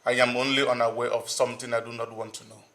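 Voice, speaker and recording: A man's voice: medium pitch, little pitch movement, fast, fairly bright tone, lightly acted. An actor with a Nigerian accent playing a young man who firmly confronts and threatens a woman. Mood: confrontational. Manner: firm, demanding.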